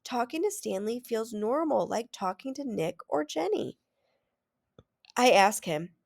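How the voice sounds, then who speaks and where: A teacher reading a children's chapter book aloud to her students with expressive storytelling. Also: a little high, measured pace, gravelly.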